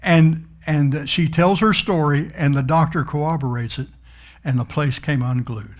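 A middle-aged man delivers a sermon as a told story, folksy and emphatic. His voice sits a little high for a man, and he leans hard on the words he wants to land. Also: unhurried. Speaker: preacher.

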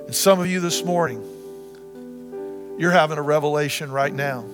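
A man preaching a sermon as pastor, repeating phrases and swinging from loud to soft. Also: a little high, moderate pace. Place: church sanctuary. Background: guitar music.

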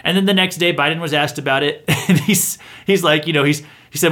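Male commentary host, higher voice, bright and forceful delivery, sarcastic and mocking. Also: fairly quick. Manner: sarcastic, mocking, chuckles between points. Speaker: host of a satirical news round-up. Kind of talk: opinionated political commentary monologue.

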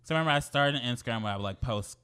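A man in his twenties hosting a podcast, talking in a dry, self-mocking, mostly monotone way. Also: mid-range voice, rapid-fire, clean tone. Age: 20s. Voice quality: monotone speaking voice. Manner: dry, self-mocking, bursts into loud laughter. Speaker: podcast host. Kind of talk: casual chat.

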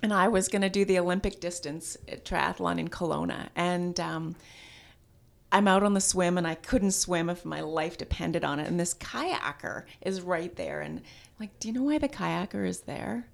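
A woman telling a personal story as a podcast guest, with a touch of vocal fry in her voice. She talks in an animated, self-deprecating way, laughing at her own mishaps. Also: lowish voice, normal speed. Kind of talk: storytelling in casual conversation.

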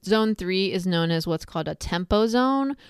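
A woman's voice: medium pitch, expressive, normal speed, clean tone, no room sound, clean studio sound. A woman talking casually, retelling a film scene with asides and comparisons. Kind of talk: casual spoken reflection.

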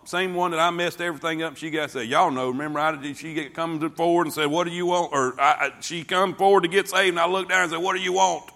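A pastor delivering a sermon in a bright, forceful, rather high voice. He tells folksy stories to his congregation, dropping to hushed asides and then rising to shouts. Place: church sanctuary before a congregation.

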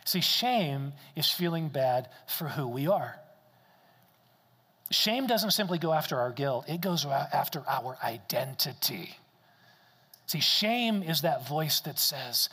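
A man's voice: a little high, animated, slow, bright, forceful tone, breathy edge, big-room sound. A man preaching a sermon as a pastor, emphatic and repeating key phrases for stress.

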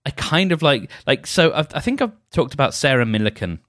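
A man's voice: mid-range voice, big pitch swings, fairly quick, a bit bright, no room sound. Rambling man, dry close sound. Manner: meandering, self-deprecating, many restarts. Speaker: podcast host. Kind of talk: rambling solo podcast chat.

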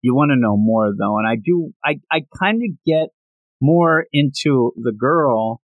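A man co-hosting a podcast, chatting casually about a manga and acting out scenes with lively pitch jumps. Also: no echo, narrow, tinny audio. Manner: animated, quick shifts of pitch when acting out scenes. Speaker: podcast co-host. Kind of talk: casual manga review chat.

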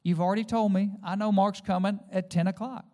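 A man's voice: high voice, fairly even intonation, brisk, darkish tone, pitched above the performer's own voice, lightly acted. A man doing his exasperated wife. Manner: impatient, brushing off reminders. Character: pastor's wife, adult woman, exasperated and firm.

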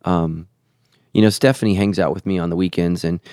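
A man's voice: sits low, steady tone, fairly quick, darkish tone, dry recording, studio quality. A man who is a pastor and podcast host, teaching in an earnest, preacherly way and repeating phrases for emphasis.

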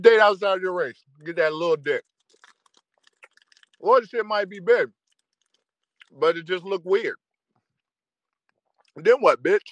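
High-voiced man ranting crudely. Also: no echo. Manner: crude, cursing, laughing, mid-rant. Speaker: live audio room host. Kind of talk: profane casual rant to listeners.

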